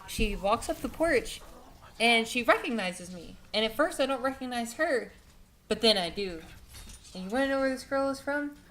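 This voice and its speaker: A woman's voice: fairly high pitch, lively intonation, moderate pace, a bit bright, a little hiss or hum. A young adult woman telling a story casually, rambling and profane, with many filler words. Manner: rambling, profane, heavy with "like" and "you know".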